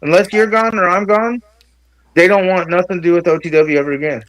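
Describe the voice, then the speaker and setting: A man rambling excitedly on a livestream panel, with lots of stammered restarts. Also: sits high, fairly quick, dry recording, poor audio. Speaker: panel guest.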